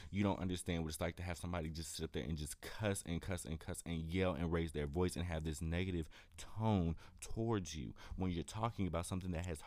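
A man's voice: low-pitched, steady tone, brisk, hardly any pauses, a little mellow, dry recording. A young adult son in a heated argument with his mother, hurt and insistent, repeating himself to be heard.

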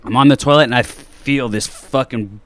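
A man telling a crude story in casual chat, animated and profane. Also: medium pitch, normal speed.

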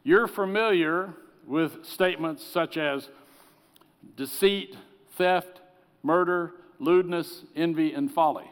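Earnest preacher in a reverberant hall. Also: male voice, fairly high pitch, slow pace, clear, resonant tone. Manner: earnest preaching, drops to soft pleading tones. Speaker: pastor. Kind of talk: sermon.

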